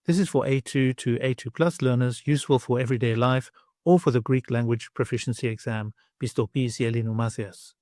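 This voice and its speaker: A man reads a scripted language lesson in a slow, clear, instructive way. His voice sits at an ordinary middle pitch. The recording is a dry, close voice-over with no room sound. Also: steady tone, darkish tone, no room sound. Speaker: language teacher.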